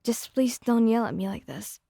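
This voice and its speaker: A timid young partner with a soft, hesitant, stammering delivery, voiced by a woman. The voice is mellow and warm, and it sounds dry and close to the mic. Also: a little high, lively intonation, moderate pace, creaky, dry recording. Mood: hurt, timid.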